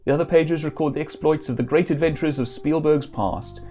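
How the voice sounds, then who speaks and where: A man streaming a retro game, reading its text aloud with relaxed, wry asides and frequent self-corrections. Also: on the high side, a little fast, soft background music.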